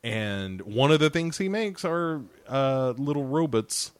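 A man's voice: medium pitch, lively intonation, slow pace, clean tone, no echo. A man hosting a podcast, chatting casually about films in a rambling, self-deprecating way. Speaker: podcast host.

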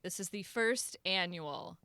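A woman's voice: fairly low pitch, expressive, unhurried, bright, forceful tone, clean tone, no room sound. A woman hosting a casual group podcast chat, playful and laughing often. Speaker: podcast host.

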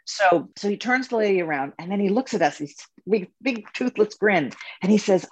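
A woman spiritual coach and tour leader telling stories in a casual interview, animated and laughing often. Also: medium pitch, a little fast, hardly any pauses, breathy edge, no echo, rough recording.

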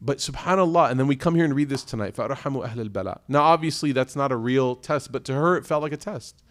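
A man's voice: medium pitch, quick pace. A man giving an Islamic talk to an audience of families, telling stories animatedly and speaking directly to the crowd. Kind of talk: storytelling lecture to an audience of families.

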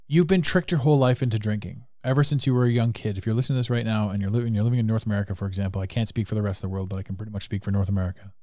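A man's voice: on the low side, steady tone, rapid-fire, few pauses, dark tone, no echo, clean studio sound. A man hosting a podcast, giving a frank, earnest motivational monologue and swearing casually. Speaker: podcast host.

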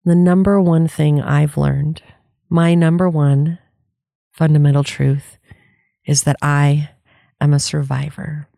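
A woman's voice: sits low, little pitch movement, takes it slowly, creaky, pauses often, mellow, no room sound, clean studio sound. A woman life coach giving an earnest, candid motivational talk, laughing often and swearing casually.

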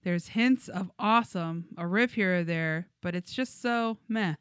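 A woman's voice: on the low side, measured pace, a bit bright, smooth, no room sound, studio quality. A woman co-hosting a music podcast, reading listener comments aloud with frequent giggles. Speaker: podcast co-host.

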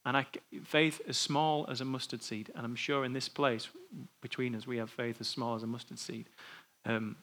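Man preacher, casual sermon style, thinks aloud, middle pitch. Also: little pitch movement, moderate pace, hardly any pauses, fairly bright tone. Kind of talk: informal sermon and discussion. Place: church.

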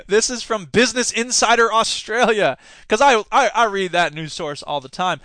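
A man hosting a podcast, giving opinionated solo commentary with animated rants and sarcastic asides. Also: high voice, brisk, no room sound. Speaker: podcast host.

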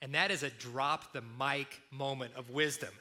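A man preaching a sermon, retelling a story in a lively way and acting out the speakers. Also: mid-range voice, normal speed. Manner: storytelling, animated, acts out quotes. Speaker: pastor.

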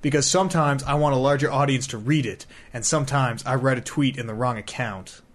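A man's voice: medium pitch, brisk. Brash joking man hosting a podcast. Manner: loud, swearing, jokey banter. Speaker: podcast host. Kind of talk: casual chat.

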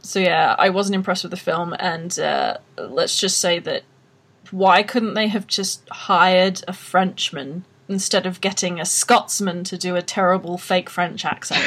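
A woman's voice: on the low side, unhurried, a bit bright. A woman with an Australian accent hosting a podcast in casual chat, blunt and opinionated, often laughing. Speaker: podcast host.

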